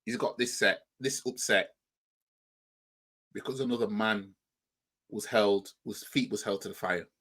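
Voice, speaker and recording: A man's voice: fairly low pitch, unhurried, pauses often, fairly bright tone, breathy edge. A man with a Yorkshire accent, hosting a reaction channel and mockingly commenting on a clip, often asking "you know what I mean".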